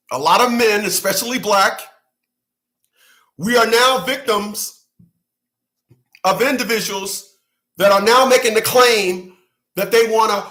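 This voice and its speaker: Guy ranting on his channel, high bright voice, loud, keeps repeating himself. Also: poor audio. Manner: loud, emphatic, laughs often, repeats himself. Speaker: channel host. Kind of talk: heated commentary rant.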